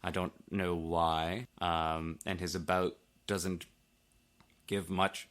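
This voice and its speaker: A man's voice: sits low, flat delivery, slow pace, fairly bright tone. A man co-hosting a casual podcast, loose and offhand, swearing freely. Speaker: podcast co-host. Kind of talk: casual chat.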